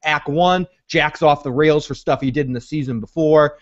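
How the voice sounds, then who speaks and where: A man hosts a casual TV recap podcast, talking in an excitable, rambling way. His voice sits a little high for a man. The audio is dull and lo-fi. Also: moderate pace. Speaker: podcast host.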